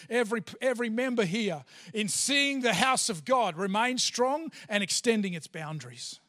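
A man's voice: sits high, lively intonation, normal speed, fairly bright tone. A male pastor preaching a sermon in church, emphatic, repeating phrases and restarting himself. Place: church hall.

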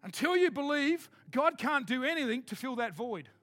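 A man preaching a sermon, emphatic, switching between quick asides and slow, loud declarations. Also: very high voice, lively intonation, no echo.

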